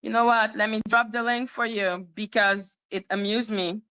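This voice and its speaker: A woman's voice: mid-range voice, steady tone, normal speed, bright, forceful tone, clean tone. A woman hosting a casual livestream, profane and taunting as she talks to her chat. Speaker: livestream host.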